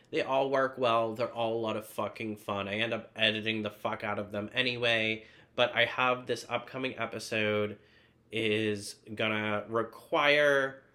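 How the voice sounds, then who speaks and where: A man's voice: fairly low pitch, pushed and bright. A man hosting his own podcast, talking in a rambling, profane, self-deprecating solo monologue full of filler words. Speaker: podcast host.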